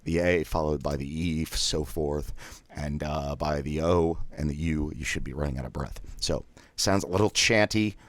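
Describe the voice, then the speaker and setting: A man leading a guided voice exercise drill in a relaxed, joking, self-deprecating coaching manner. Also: rumbling low, normal speed, no room sound.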